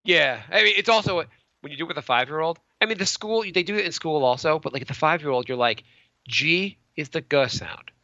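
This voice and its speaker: Podcast dude rambling and stammering, bright higher voice, dull lo-fi dry sound. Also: male voice, fast, no echo. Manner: rambling, animated, many restarts and stammers. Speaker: podcast co-host. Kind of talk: casual chat.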